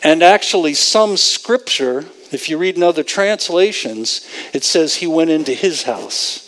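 Guy preaching a sermon, talks slow, high-ish voice, acts out the bible people. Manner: animated, acts out the scripture figures in voices.

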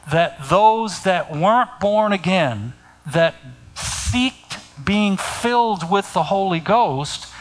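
A middle-aged man preaching a sermon, speaking deliberately and pointing his listeners to scripture. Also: sits high, a little hiss or hum, poor audio.

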